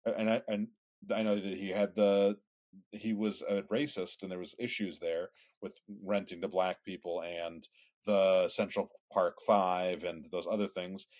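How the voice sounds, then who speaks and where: A man's voice: low voice, flat delivery, unhurried, a little mellow. A man co-hosting a podcast in casual political chat, giving opinionated, rambling explanations. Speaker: podcast co-host.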